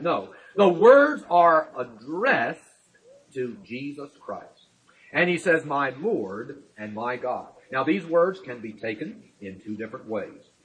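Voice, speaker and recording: A man teaching a sermon on scripture in a deliberate, emphatic way, slowing down to stress key words and explaining step by step. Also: on the high side, a bit bright, low-quality recording. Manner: explains step by step with everyday illustrations. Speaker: Bible teacher.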